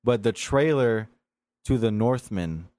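A man's voice: lowish voice, lively intonation, slow pace, a little mellow, no room sound. A man hosting a podcast in casual chat, rambling and laughing as he talks. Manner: rambling, laughing film talk. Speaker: podcast host.

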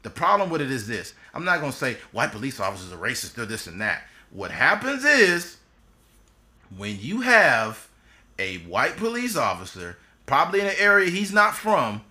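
A man's voice: on the high side, very animated, moderate pace, pushed and bright. A man in his thirties hosting a podcast, telling his story bluntly and with passion in casual chat. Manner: impassioned, blunt storytelling with swearing. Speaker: podcast host.

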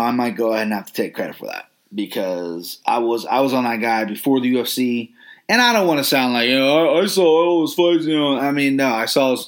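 A man hosting a podcast, giving brash, profane, opinionated commentary on fighters. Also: medium pitch. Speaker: podcast host.

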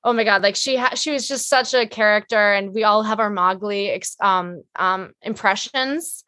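A woman's voice: medium pitch, moderate pace, pushed and bright, no echo. A woman guest actress chatting casually on a podcast, rambling with many fillers and restarts.

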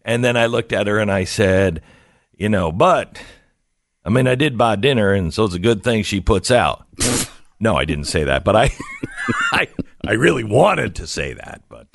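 A man's voice: lowish voice, expressive, normal speed, creaky. A middle-aged man hosting a talk radio show, telling stories in a wry, self-mocking way and laughing at his own jokes. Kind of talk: casual talk radio chat.

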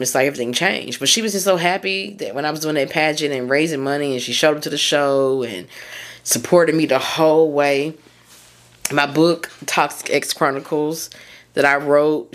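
A woman's voice: deep voice, normal speed. Woman, solo podcast host, candid and rambling, keeps correcting herself mid-thought. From Tennessee, US.

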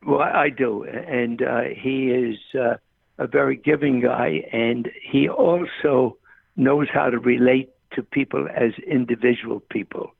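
A man's voice: medium pitch, measured pace, no room sound. An older man, a tennis coach, telling rambling stories in a phone interview, often saying the host's name. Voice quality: gravelly, husky. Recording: tinny phone line.

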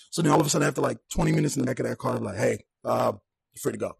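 A young man telling a personal story on a podcast in a casual, animated way, acting out the people in it. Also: medium pitch, racing, vocal fry, breathy edge, no room sound. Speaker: podcast guest.

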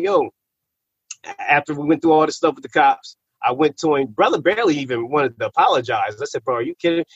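A man telling a personal story in casual, profane slang, animated and repeating words when he gets worked up. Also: a little high, slightly rough, no echo. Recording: slightly muffled recording.

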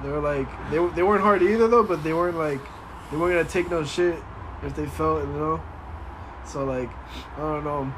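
A man's voice: fairly high pitch, a little fast. A young man in casual chat, profane, laughing and reacting. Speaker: podcast co-host. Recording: noisy background.

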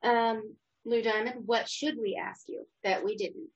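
Co-host: light, giggly woman, higher pitch, muffled lo-fi. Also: steady tone, a little slow, slightly rough. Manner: giggly, easygoing. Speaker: podcast co-host. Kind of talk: casual chat. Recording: dull lo-fi recording.

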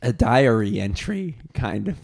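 A man performing in an improvised comedy podcast, easygoing with quick asides. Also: mid-range voice, sing-song, creaky, a little mellow.

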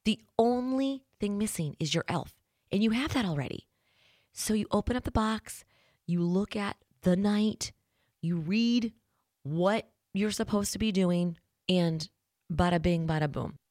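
A woman in her thirties hosting a morning show from her studio, chatty, self-deprecating and excitable. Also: mid-range voice, a little slow, no room sound. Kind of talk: casual chat.

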